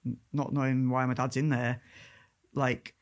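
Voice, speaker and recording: A man, talking in a calm, coaxing way and guiding a mind-reading trick on a podcast. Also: a little slow. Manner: calm, coaxing, drops to a soft low voice while guiding the trick. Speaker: mentalist guest. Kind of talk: casual chat.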